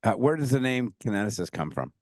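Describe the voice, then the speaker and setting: A man's voice: lowish voice, very animated, fast, a little mellow. A man with a New York accent hosting a podcast interview, chatting loosely and telling stories. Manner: loose storytelling with fillers. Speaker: podcast host. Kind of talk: casual interview talk.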